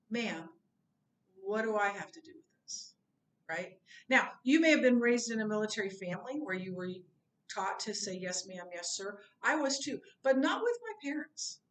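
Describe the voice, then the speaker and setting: A woman teaching a Bible class in a conversational, informal way, with personal asides. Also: a little high. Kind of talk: recorded Bible lesson. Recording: roomy, from a distance.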